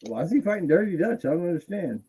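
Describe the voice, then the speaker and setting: A man's voice: high-pitched, big pitch swings, fast, a loud crowd, rough recording. A man hosting a casual wrestling podcast who jokes and laughs often. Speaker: podcast host.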